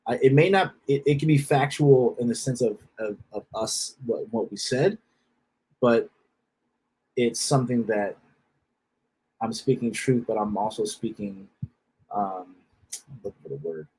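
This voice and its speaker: Husky man, blunt and profane, repeats himself: self-help speaker. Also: mid-range voice, measured pace, pauses often, darkish tone, rough recording. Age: adult with a wife and children. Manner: repeats phrases, restarts. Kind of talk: casual motivational talk.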